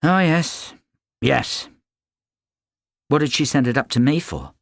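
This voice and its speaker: A man's voice: mid-range voice, very animated, slow pace, creaky, no room sound, studio quality, voice pushed up, heavily acted. A man voicing a sulky, sarcastic teenage girl in an audiobook reading.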